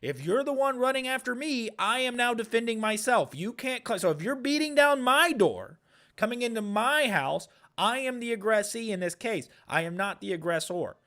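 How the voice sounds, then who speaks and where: Emphatic high-voiced man. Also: expressive, moderate pace, pushed and bright. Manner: emphatic, repeats words when starting a point. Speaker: podcast co-host. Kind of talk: political commentary chat.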